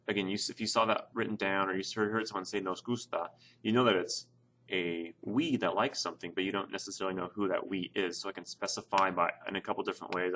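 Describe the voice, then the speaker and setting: Man, low pitch, Spanish teacher, casual explanatory lesson narration, filler words. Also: fairly bright tone. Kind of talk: screen-share lesson narration.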